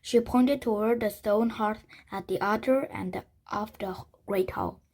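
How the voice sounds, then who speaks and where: Slow breathy woman reading a kids' book. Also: mid-range voice, darkish tone, rough recording. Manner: halting, with frequent restarts and slips. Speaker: storybook reader. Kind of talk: reading a children's chapter book aloud.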